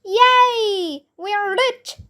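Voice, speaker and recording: A woman voicing a cheeky, excitable schoolboy in a storybook reading. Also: high voice, slow. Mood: excited.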